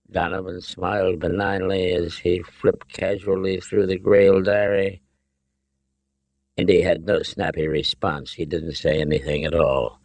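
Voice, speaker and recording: A man narrating an audiobook in a measured, deliberate way. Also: low voice, level tone, gravelly, a little mellow, no room sound. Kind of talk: scripted narration.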